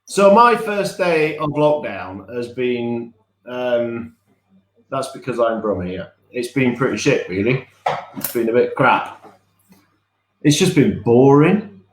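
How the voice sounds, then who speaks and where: A man's voice: mid-range voice, animated, slow pace. Rambling, chatty man in an echoey room. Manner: chatty, rambling, laughs at himself. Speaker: podcast co-host. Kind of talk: casual live-stream chat.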